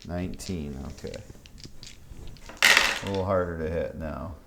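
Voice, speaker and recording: A man's voice: low-pitched, unhurried, creaky, heavy background noise. A man running a tabletop game as dungeon master, talking through rules in a matter-of-fact way.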